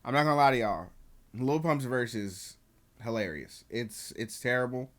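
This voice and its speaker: A man's voice: mid-range voice, lively intonation, moderate pace, fairly bright tone, soft background music. A young man casually reviewing an album as he reacts to it, slangy and profane, with chatty asides to his viewers.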